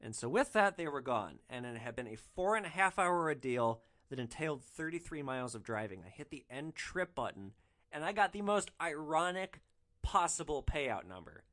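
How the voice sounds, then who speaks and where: A man hosting a storytelling podcast, animated and excitable, swearing casually as he recounts his stories. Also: on the high side, normal speed. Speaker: podcast host, rideshare driver.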